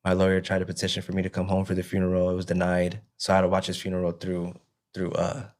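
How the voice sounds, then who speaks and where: Low, flat-voiced man telling his story. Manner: halting storytelling, keeps saying "you know what I mean". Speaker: interview guest. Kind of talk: personal recovery testimony.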